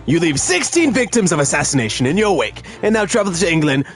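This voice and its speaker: A grandly self-assured detective, lofty and theatrical, with old-fashioned formal phrasing, put on by a man dubbing a video game. The voice is pitched well above a normal man's and swings widely, and faint game music sits behind it. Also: sing-song, quick pace. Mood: smug. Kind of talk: video game voice-over dub.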